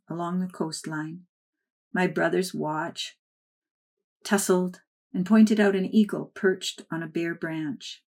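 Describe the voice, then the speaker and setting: A woman reading a first-person memoir aloud in a soft, measured storytelling voice. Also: fairly low pitch. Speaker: narrator.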